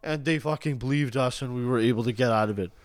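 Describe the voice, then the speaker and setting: A man's voice: medium pitch, fast talker, no room sound. A young man co-hosting a casual podcast, telling profane stories and acting out the people in them. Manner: profane storytelling, acts out quotes. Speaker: podcast co-host. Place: outdoor porch.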